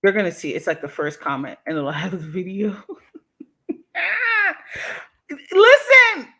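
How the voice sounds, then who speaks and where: A woman's voice: mid-range voice, fairly bright tone. A woman hosting a livestream, reacting to a clip in a casual, slangy way and laughing often. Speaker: livestream host.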